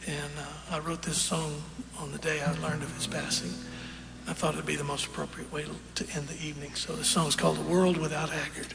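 A man telling a story on stage in a folksy, unhurried way, with fillers and quoted dialogue, recorded live in a large concert hall. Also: fairly high pitch, little pitch movement, vocal fry, over loud music. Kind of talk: onstage storytelling. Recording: roomy live hall recording with audience noise.

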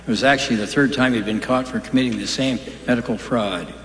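Deadpan man telling jokes on stage. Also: mid-range voice, fast talker, a little hiss or hum. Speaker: stand-up comedian. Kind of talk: stand-up comedy, joke telling. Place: large hall on stage. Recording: live stage recording in echoey hall.

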